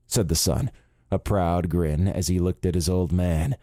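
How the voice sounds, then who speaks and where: A man reading a thriller audiobook in a calm, measured narration. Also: low voice, dry recording, clean studio sound. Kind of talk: scripted narration.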